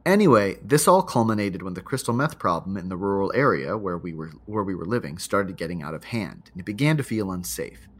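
A man's voice: low voice, lively intonation, a little fast, few pauses, husky. A man co-hosting a podcast, reading a listener's spooky story aloud and chatting, laughing often. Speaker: podcast co-host.

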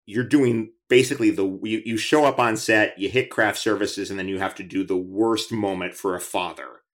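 Casting note: male podcast host, lowish voice, chatty and eager. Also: steady tone, normal speed. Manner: chatty, enthusiastic, many restarts. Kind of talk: conversational interview.

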